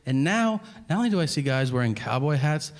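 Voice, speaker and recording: A man doing stand-up, telling a story in an exasperated, incredulous, profane way, his voice jumping high in disbelief. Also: animated, a little fast. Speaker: stand-up comedian. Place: comedy stage with a laughing audience. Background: audience laughter.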